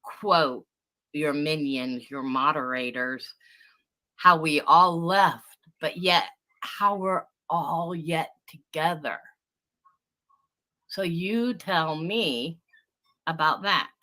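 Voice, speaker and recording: A woman unloads a heated, swear-filled rant on a livestream, confronting someone who crossed her. Her voice is low-set but bright and forceful. She sounds blunt and combative throughout. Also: drawn-out words, long pauses, rough recording. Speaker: livestream guest venting about a former friend. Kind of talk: angry ranting livestream talk. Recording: livestream audio.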